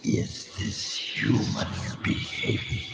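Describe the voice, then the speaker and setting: A deep, gravelly cosmic god. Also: male voice, wildly swooping pitch, very noisy, heavily acted. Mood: imperious. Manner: slow, grave, imperious pronouncements. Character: faceless vaporous god, the great creator, male. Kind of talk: 1940s radio acting.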